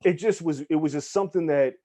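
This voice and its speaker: A man guesting on a podcast interview, telling stories in an animated, casual way, acting out the people he quotes and swearing freely. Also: a little high, a little fast. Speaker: guest, hip hop journalist.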